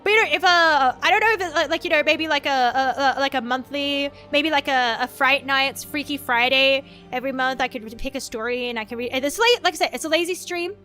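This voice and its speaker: A woman's voice: high-pitched, pushed and bright, soft background music. A woman with an Australian accent chatting casually on her stream, rambling and restarting her sentences and swearing now and then. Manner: rambling, halting, with frequent restarts. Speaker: VTuber streamer. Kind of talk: casual live-stream chat.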